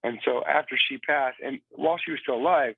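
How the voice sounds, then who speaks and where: Gravelly man on a tinny phone line. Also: mid-range voice, a little fast, dry recording. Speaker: guest, Marine veteran. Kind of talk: phone-in interview. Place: cabin in Virginia.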